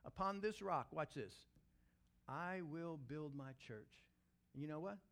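A man's voice: a little high, animated, takes it slowly, a bit bright. A middle-aged man preaching a sermon as senior pastor, talking conversationally and building to emphatic peaks.

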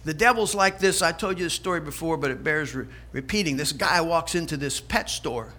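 An older male pastor preaching with emphatic energy in a church. His voice sits high and bright, pushing forward with urgent exhortations and lively storytelling. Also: brisk. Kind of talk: sermon.

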